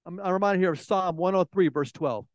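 High-voiced man preaching casually. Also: brisk, no room sound, rough recording. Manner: conversational, repeats words, acts out little scenes. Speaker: pastor. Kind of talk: sermon.

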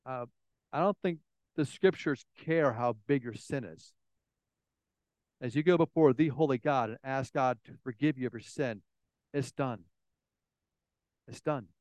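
A man's voice: medium pitch, normal speed, darkish tone, no echo, poor audio. A man preaching a sermon in a conversational way, often repeating words and acting out little everyday scenes. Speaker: pastor.

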